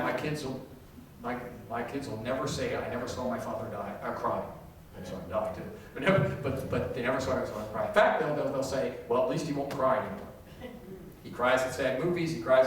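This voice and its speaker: A middle-aged man preaching a sermon as pastor, animated and self-deprecating, acting out quoted voices. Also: high-pitched, recorded from a distance, a little hiss or hum. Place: church sanctuary. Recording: echoey hall, voice from off-mic.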